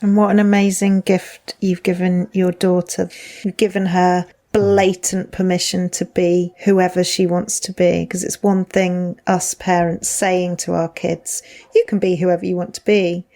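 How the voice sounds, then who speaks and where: Host: woman, even and level delivery, encouraging interviewer. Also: fairly low pitch, measured pace. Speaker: podcast host. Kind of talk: interview questions.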